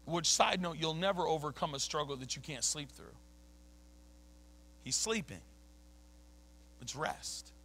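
A man's voice: a little high, expressive, measured pace, long pauses, sharp tone, a little hiss or hum. A man preaching a sermon as a pastor, emphatic and conversational, dropping casual slang between points. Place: church sanctuary.

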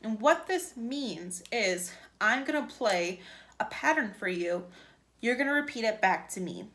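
A woman's voice: medium pitch, expressive, a little slow, a bit bright. A woman music teacher giving an upbeat virtual lesson to young children, chanting rhythms for them to repeat.

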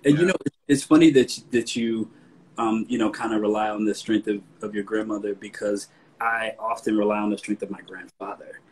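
A man with a Southern US accent hosting a casual interview, talking in a relaxed, conversational way and getting animated when he quotes himself. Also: on the low side, brisk, a little hiss or hum, rough recording. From American South. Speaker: host.

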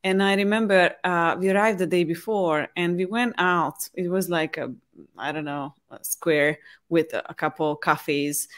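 A Hungarian woman speaking English hosts a casual conversation in a fairly low, slightly slow voice. She tells stories with animation and liveliness.

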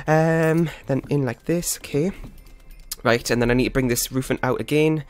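A man's voice: mid-range voice, a little fast. A man hosting his own gaming channel, giving flustered, rambling, self-critical live commentary while he plays. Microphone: desktop USB microphone.

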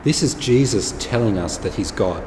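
A man's voice: on the low side, lively intonation, normal speed, a little mellow. A man preaching a conversational sermon to viewers at home, in a plain-spoken, informal way. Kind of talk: conversational sermon to an online congregation. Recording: echoey hall with faint background noise.

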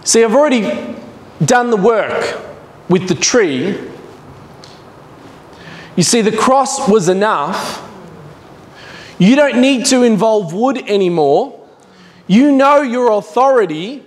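A man's voice: high voice, animated, slow, pauses often. A man preaching a sermon as a visiting preacher, earnest and emphatic, repeating his points. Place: church. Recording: echoey church hall.

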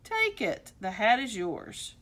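Woman voicing a kindly old storybook man, gentle and fussy, lively pitch. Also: takes it slowly, heavily acted. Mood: fond. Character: kindly old man fretting over his hat.

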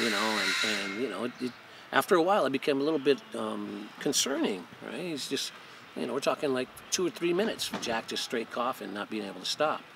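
A man's voice: medium pitch, gravelly, very noisy. A man hosting his own channel, telling a story in a laid-back, profane way and saying "man" at the end of many phrases. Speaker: cannabis breeder and channel host. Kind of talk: casual storytelling.

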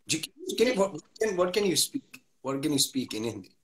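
A man's voice: on the high side, sing-song, a little fast, a little hiss or hum. Chatty young man hosting a live stream. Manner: chatty, laughs often, greets viewers by name. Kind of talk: casual live-stream chat.

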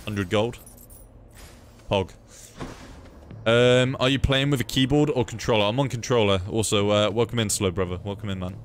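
A man's voice: lowish voice, normal speed, pauses often, slight background noise. A young man streaming a game, chatting casually, swearing freely and reading chat aloud. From United Kingdom. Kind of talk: casual live gameplay commentary.

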